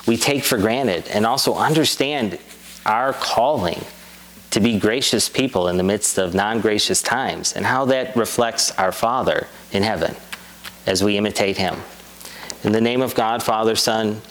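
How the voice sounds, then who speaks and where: A man delivering a sermon as a priest, earnest and measured, repeating key lines for emphasis. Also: medium pitch, slight background noise, rough recording. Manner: earnest, measured preaching with rhetorical repetition.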